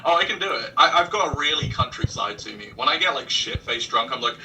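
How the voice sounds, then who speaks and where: A man with an English accent, a podcast guest telling an animated story over a video call. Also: medium pitch, fast talker, recorded from a distance, background noise. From England. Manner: animated, swears freely, mimics voices. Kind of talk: casual storytelling.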